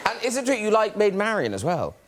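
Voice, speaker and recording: Teasing male chat show host. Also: brisk. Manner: teasing, giggly, lively pitch. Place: TV studio with live audience. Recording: studio audience crowd noise.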